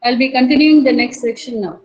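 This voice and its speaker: A woman teacher with an Indian English accent, giving a lecture to a college class. She explains slowly, repeats herself and uses many fillers. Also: high-pitched, dull audio.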